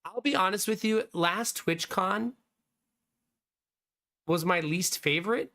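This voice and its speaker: Chatty streamer man, bright voice. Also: high-pitched, expressive, brisk. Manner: chatty, answering viewers by name. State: slightly hoarse. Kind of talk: casual live-stream chat. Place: home streaming room.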